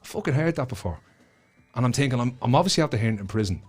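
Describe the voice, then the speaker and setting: A man's voice: mid-range voice, animated, racing, darkish tone, breathy edge, soft background music. A man with a Dublin Irish accent, a guest author telling a story with lots of swearing and acted-out voices. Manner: swears freely, acts out the voices in his stories. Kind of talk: animated storytelling.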